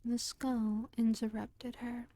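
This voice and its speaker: A woman reads a storybook in a whispered role-play, her whisper very slow and unhurried. Her voice sits slightly high, and the close microphone catches it dry, with no room sound. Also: little pitch movement, no echo. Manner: whispered, slow, gentle reading.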